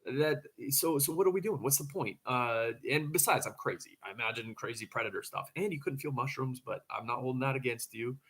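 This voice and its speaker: A man's voice: mid-range voice, a little fast, hardly any pauses, fairly bright tone, slightly rough. A man casually telling a story to camera, rambling, with frequent stammering restarts.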